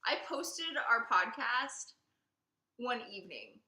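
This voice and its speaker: A woman co-hosting a casual podcast chat, gushing and excitable, laughing often. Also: on the high side, slow. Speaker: podcast co-host. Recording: echoey room.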